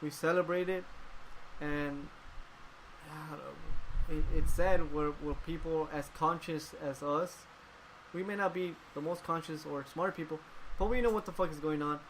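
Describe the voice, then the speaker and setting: A man's voice: a little high, fairly even intonation, unhurried, fairly bright tone, a little hiss or hum, low-quality recording. Profane, heated man ranting on a podcast. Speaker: podcast host. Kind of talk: casual chat.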